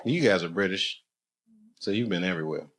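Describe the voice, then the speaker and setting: A man's voice: low voice, a little fast, a bit bright. A man doing stand-up crowd work on a comedy club stage, telling loose stories with lots of laughter and swearing. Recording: live club recording with crowd noise.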